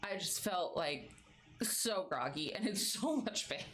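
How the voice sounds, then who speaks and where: A woman's voice: lowish voice, animated, measured pace, a bit bright, a little hiss or hum. A young adult woman streamer chatting casually and laughing often between stories. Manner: chatty, giggly, baby-talks her pets. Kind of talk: casual chat.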